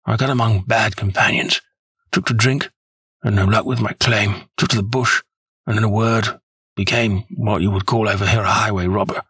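A man voicing a grave, weary old man who is dying and makes a slow confession. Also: on the low side, fairly even intonation, fairly bright tone, breathy edge, no room sound, exaggerated voice. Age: older. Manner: heavy, slow confessional telling.

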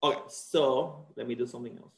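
A man's voice: mid-range voice, a little fast, gravelly. Chatty male chemistry teacher in echoey classroom. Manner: chatty, joking, checks in with students. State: tired, end-of-semester burnout. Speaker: chemistry instructor. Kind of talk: casual classroom lecture.

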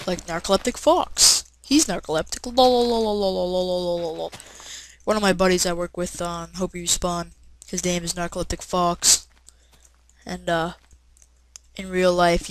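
A woman giving casual let's-play commentary while playing, rambling with lots of "uh" fillers and breaking into excited shouts. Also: lowish voice, a little hiss or hum, rough recording. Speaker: gameplay commentator.

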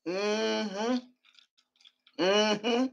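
A woman's voice: medium pitch, fairly even intonation, drawn-out words, creaky. An older woman hosting a live stream, reading viewer comments and then launching into an angry, profane rant. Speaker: livestream host. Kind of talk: live reaction stream, reading chat and ranting.

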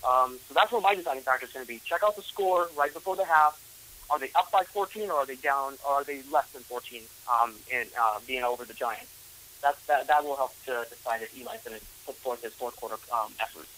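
Male co-analyst, bright forward tone, halting with fillers. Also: mid-range voice, rough recording. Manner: hesitant, many fillers and restarts. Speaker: sports analyst. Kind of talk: sports analysis chat.

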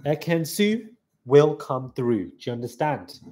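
A young man hosting a live reaction stream, excitable and hyped, calling out "guys" often, with a slightly stuffy nose. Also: medium pitch, measured pace. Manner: excitable hype talk, keeps saying "guys".

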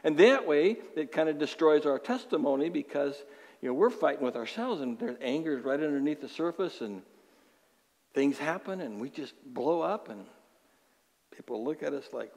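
A man's voice: on the high side, lively intonation, moderate pace, darkish tone. A male pastor preaching a sermon, emphatic, repeating words for stress and acting out inner voices. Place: church sanctuary. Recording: long hall reverb.

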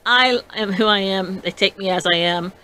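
A woman hosting a casual crafting vlog, chatty and excitable, rambling with frequent restarts. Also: medium pitch, normal speed, clear, resonant tone. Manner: bubbly and excitable. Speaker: podcast host.

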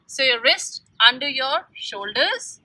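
A woman yoga instructor leading a mother-and-child yoga class, giving slow, gentle step-by-step instructions. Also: high-pitched, animated, breathy edge, low-quality recording.

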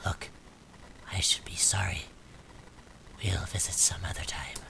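A man voicing a game character in a low, gravelly whisper. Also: fairly even intonation, a little slow, exaggerated voice. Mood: hushed.

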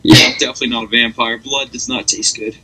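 A young man co-hosting a casual podcast, rambling and animated as he tells stories. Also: mid-range voice, fast talker, husky, poor audio. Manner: rambling, animated storytelling with laughs. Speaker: podcast co-host. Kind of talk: casual chat.

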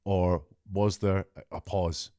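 A man giving a measured, deliberate analysis of an emergency call, slowing down to stress key words. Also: deep voice, steady tone, mellow, no room sound, studio quality. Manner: measured, deliberate, often slows for emphasis. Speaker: statement analysis commentator. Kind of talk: analytical commentary on a recorded call.

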